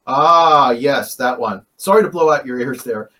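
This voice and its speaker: In casual chat, a man tells stories from paranormal investigations, rambling, correcting himself often, and chuckling. His voice is medium-pitched, bright, and forceful, delivered at a measured pace.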